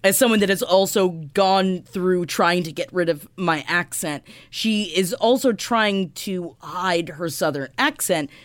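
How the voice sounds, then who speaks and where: A woman's voice: on the low side, unhurried, hardly any pauses, no echo. Woman w/ a florida accent joking around on a podcast, dry close sound. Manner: teasing, talks about voice registers. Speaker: podcast co-host. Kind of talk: casual comedic chat.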